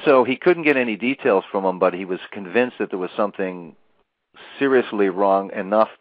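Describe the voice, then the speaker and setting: A man's voice: on the low side, normal speed, dry recording, phone-quality sound. A man hosting a radio interview, prompting his guest for details and repeating himself as he asks.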